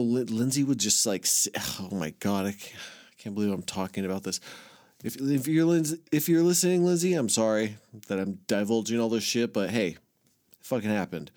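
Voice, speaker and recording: A man's voice: medium pitch, a little mellow. A man telling a long personal story in casual podcast chat, rambling and swearing with lots of filler words and self-mocking asides. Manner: self-mocking, laughs at himself.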